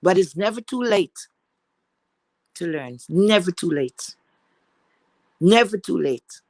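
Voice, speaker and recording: Gravelly woman ranting. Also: lowish voice, animated, takes it slowly, darkish tone, dry recording. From Trinidad. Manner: profane, heated, emphatic ranting. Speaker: livestream guest. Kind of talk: casual live chat rant.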